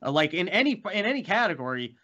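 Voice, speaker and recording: Bright, slightly high-voiced male podcast guest. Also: very animated, fast talker, highs cut off. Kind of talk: casual podcast chat.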